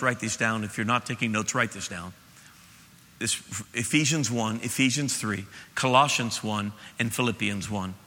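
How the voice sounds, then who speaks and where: Animated preaching man in echoing hall. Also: mid-range voice. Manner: animated preaching, acts out voices, swings from loud to hushed. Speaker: pastor. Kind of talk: sermon. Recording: long hall reverb.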